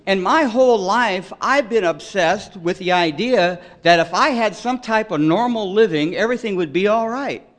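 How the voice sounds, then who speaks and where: A middle-aged man tells his own recovery story at a support meeting. He speaks in a slightly higher register than most men. He rambles in a loose, self-deprecating way and keeps returning to "you know.". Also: lively intonation, moderate pace, few pauses. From Detroit, raised in California. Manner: wry, self-deprecating humor. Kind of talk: AA share, storytelling.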